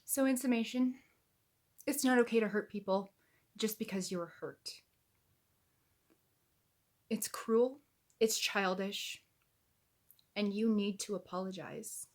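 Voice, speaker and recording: A woman's voice: medium pitch, takes it slowly, pauses often. A woman giving heated, indignant reaction commentary to camera, swearing as she gets angry. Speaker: YouTube commentator.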